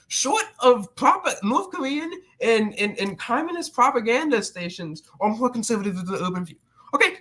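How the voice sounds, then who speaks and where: A man's voice: very high-pitched, sharp tone. A man hosting his own channel, delivering a sarcastic, mocking rant with many restarts. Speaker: channel host.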